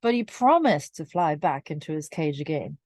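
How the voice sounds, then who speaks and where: A woman voicing a small, earnest female kitten in a storybook, speaking a little higher and anxiously. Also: big pitch swings, normal speed, a little mellow, heavily acted. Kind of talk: storybook reading aloud.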